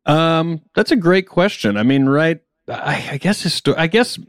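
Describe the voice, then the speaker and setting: A man's voice: fairly high pitch, animated, measured pace, dry recording, clean studio sound. A young man from South Carolina with a general American accent, chatting casually as a comedian guest, rambling with restarts and frequent laughs. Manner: rambling, self-interrupting, laughs often. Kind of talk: casual podcast chat.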